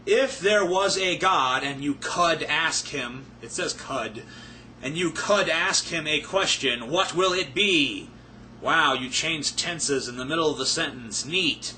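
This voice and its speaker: A man's voice: fairly high pitch, pushed and bright, slight background noise. A man ranting profanely and sarcastically to camera as he answers viewer questions, rambling and a little drunk. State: tipsy, not sober. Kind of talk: casual rant to camera.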